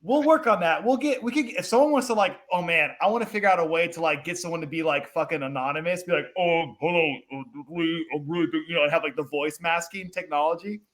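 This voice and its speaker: A man's voice: a little high, fast, few pauses, a bit bright. A man helping run a podcast, chatting casually in a joking, easygoing way. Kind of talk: casual chat.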